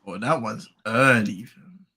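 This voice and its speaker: A man's voice: on the low side, slow, bright, forceful tone, breathy edge. A man with a British accent co-hosting a basketball watchalong, jokey and repeating his words. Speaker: co-host of a sports watchalong. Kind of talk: casual chat.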